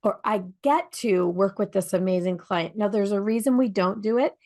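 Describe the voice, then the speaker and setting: A woman co-hosting a radio talk show, talking in a lively storytelling way and asking her listeners rhetorical questions. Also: mid-range voice, normal speed. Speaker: podcast co-host.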